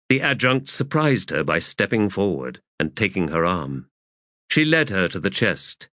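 A man reading fantasy fiction aloud as an audiobook narrator, measured and expressive. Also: sits low, no echo, studio quality.

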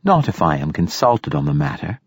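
A man's voice: low-pitched, wildly swooping pitch, fairly quick, vocal fry, breathy edge, no room sound, full character voice. Brief: man voicing polite android servant, formal, dry close sound. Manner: formal, courteous. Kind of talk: audiobook dialogue.

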